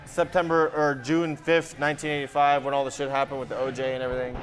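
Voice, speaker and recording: A man's voice: mid-range voice, little pitch movement, fast, soft background music. A man co-hosting a casual sports podcast, telling profane, joking stories. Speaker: podcast co-host.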